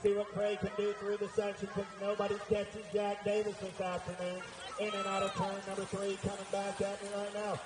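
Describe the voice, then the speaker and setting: A man announcing a race live, rattling off riders' names and positions in a rapid-fire call. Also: high-pitched, completely flat delivery, music in the background. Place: outdoor race track over loudspeakers. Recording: echoey loudspeaker heard from far off.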